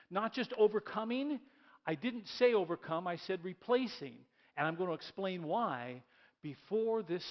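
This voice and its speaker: Male pastor, higher voice, animated sermon, leads congregation reading, church, dull lo-fi sound.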